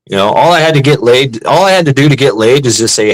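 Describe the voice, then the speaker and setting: A man's voice: medium pitch, lively intonation, fast, poor audio. A middle-aged American man telling crude, profane stories in casual chat, rambling and laughing at himself. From United States.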